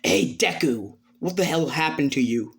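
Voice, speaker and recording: Brash hot-headed teen boy rival, loud taunting delivery, put on by a male storyteller. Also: a little high, lively intonation, moderate pace, gravelly.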